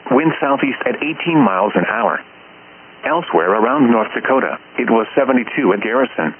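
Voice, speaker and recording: A man's voice reading an automated weather report in short, clipped, even phrases. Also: medium pitch, brisk. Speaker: weather broadcast voice. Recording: tinny radio broadcast with faint hiss.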